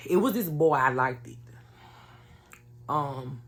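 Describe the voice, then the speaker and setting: Woman, low voice, earnest vlog testimony, chatty and direct with viewers. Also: lively intonation, slow pace. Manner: earnest, conversational, addresses viewers as y'all. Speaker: vlogger sharing a personal testimony. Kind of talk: emotional personal storytelling to viewers.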